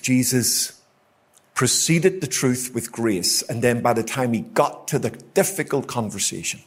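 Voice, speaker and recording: Brief: Northern Irish male guest preacher, mid-pitched voice, punchy repetition, live sermon. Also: slightly rough. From Northern Ireland. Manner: emphatic, repetitive, rhetorical questions to the congregation. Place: church hall, live congregation.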